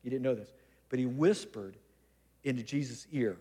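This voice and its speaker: A man's voice: medium pitch, moderate pace, dark tone, big-room sound. A man preaching a sermon as pastor, conversational and humorous, with teasing asides.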